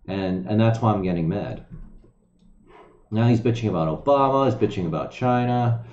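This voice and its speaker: Over a desk microphone in an echoey room, a man reads news aloud on a home live-stream and rants profanely, muttering asides. His lowish voice has a darkish tone and moves at a normal speed, and the audio is slightly dull and lo-fi.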